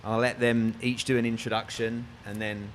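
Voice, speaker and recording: A man's voice: mid-range voice, little pitch movement, normal speed, a little hiss or hum. A man with an Australian accent, moderating a panel in a chatty, joking way. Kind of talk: casual panel talk.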